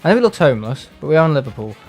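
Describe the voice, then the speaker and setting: A man talks loosely during a live gameplay stream, drifting from one tangent to the next. His voice sits a little high for a man, and he often slips into mocking impressions of other people. Faint game music plays underneath. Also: very animated, very fast, a little mellow. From England. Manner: rambling, sarcastic, mimics other people in put-on voices. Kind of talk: casual live-stream chat while playing.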